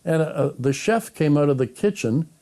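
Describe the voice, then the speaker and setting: A man's voice: on the high side, lively intonation, moderate pace, mellow. An older man, a guest being interviewed, recounting anecdotes and acting out remembered conversations. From Canada. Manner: anecdotal, acts out remembered dialogue. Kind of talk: interview storytelling.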